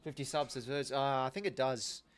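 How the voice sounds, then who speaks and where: An Australian man in his younger years hosts a live football watch-along stream. His talk is relaxed and chatty, full of small restarts as he thanks viewers. His voice sits at an ordinary middle pitch. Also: moderate pace, smooth. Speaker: livestream host.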